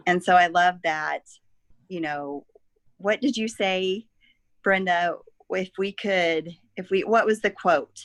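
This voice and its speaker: A woman's voice: on the low side, slow pace, no echo. Southern woman co-host with a dry, close sound. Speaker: podcast co-host. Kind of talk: casual podcast chat.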